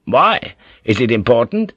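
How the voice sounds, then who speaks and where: A man voicing a calm, commanding older warlord who speaks in terse, measured orders. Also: mid-range voice, husky, dry recording, lo-fi sound, heavily acted.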